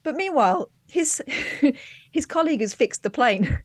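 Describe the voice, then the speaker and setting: A woman's voice: high-pitched, animated, a little slow, no echo. A woman co-hosting a casual chat, telling stories in a wry, chatty way and laughing often. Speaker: co-host.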